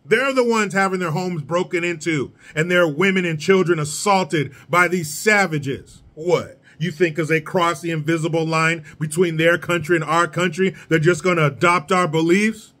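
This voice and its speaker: Brief: a male commentator with a high voice, sarcastic and blunt, ranting straight to camera. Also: steady tone, normal speed, few pauses, fairly bright tone. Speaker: political commentator. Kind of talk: solo rant commentary.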